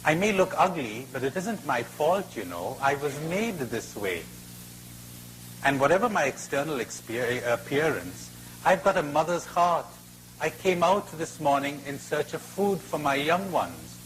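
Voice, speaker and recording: A man's voice: a little high, very animated, unhurried, a bit bright, a little hiss or hum, low-quality recording. A man telling a tale as a sly, coaxing crocodile. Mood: pleading. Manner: coaxing, then matter-of-fact. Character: sly persuasive male crocodile, cold and self-serving.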